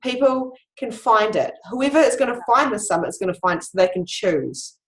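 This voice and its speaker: A woman's voice: on the high side, expressive, a little fast. Confiding woman host in a roomy space. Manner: open, confiding, storytelling. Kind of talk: casual interview chat. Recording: echoey room.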